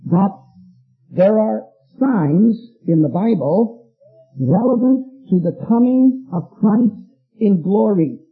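Husky high-voiced preacher teaching a Bible study. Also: male voice. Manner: conversational, quizzes the congregation. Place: church meeting room. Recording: tinny phone-like lo-fi recording, faint music.

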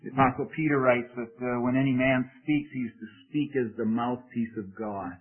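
Earnest male preacher on a tinny line. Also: medium pitch. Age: adult parent. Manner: earnest, humble, with emphatic scripture reading. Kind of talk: sermon. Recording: tinny phone-like sound.

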